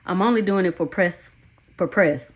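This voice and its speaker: A woman's voice: fairly low pitch, normal speed, close to an everyday voice. A woman reading the lines of a volatile, manipulative ex-boyfriend in an audiobook, defensive and swearing. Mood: evasive. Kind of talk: audiobook character voicing.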